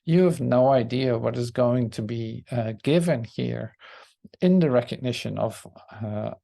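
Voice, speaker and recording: Male group leader, reflective scripture talk, unhurried and searching, low dark tone. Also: gravelly. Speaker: spiritual study group leader.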